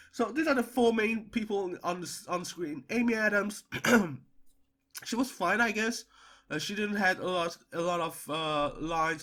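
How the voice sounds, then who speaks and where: Animated young man reviewing a film. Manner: hesitant, lots of stammered repeats and fillers; animated, pitch jumping up when emphatic. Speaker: movie reviewer. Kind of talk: casual spoken movie review.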